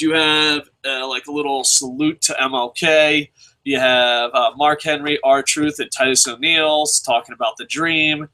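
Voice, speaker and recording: A young man hosting a show, talking in a casual, sarcastic and excitable way with lots of swearing. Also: medium pitch, rough recording. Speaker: show host reviewing. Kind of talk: casual profane commentary.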